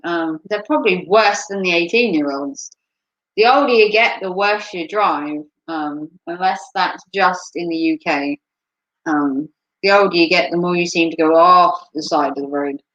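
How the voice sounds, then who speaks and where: A woman chatting casually on a live stream, rambling and filling pauses with frequent ums. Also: fairly low pitch, fairly bright tone, lo-fi sound. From United States.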